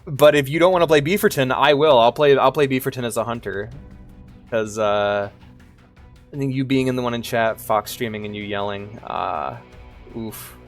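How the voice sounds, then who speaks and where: A male streamer talks casually while playing, rambling and sheepish, stumbling over his words and swearing freely. His pitch sits in an ordinary middle range. Music plays faintly behind him. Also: normal speed. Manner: rambling, sheepish, swears a lot, many restarts.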